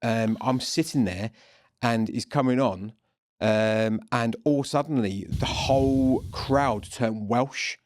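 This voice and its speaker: Guest, man, mid-pitched voice, rambling anecdotes, dry close mic. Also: takes it slowly, dry recording. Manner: chatty, rambling storyteller with many restarts. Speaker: podcast guest. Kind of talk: casual chat.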